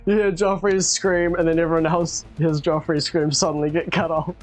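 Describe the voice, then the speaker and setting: Woman game master, lowish voice, laughs through the narration, faint music underneath. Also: little pitch movement, a little mellow. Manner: laughs often while narrating, quick asides.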